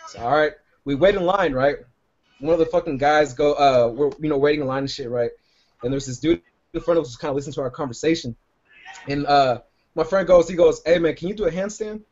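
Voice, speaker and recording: A man's voice: a little high, quick pace, a little mellow, dull audio. A man co-hosting a podcast, telling a long rambling story full of profanity in casual chat. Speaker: podcast co-host.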